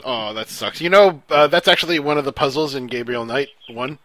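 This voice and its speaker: A man's voice: medium pitch, fairly quick, a bit bright, no room sound. A man co-hosting a casual gaming podcast, talking about games with opinionated enthusiasm. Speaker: podcast co-host. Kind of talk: casual chat.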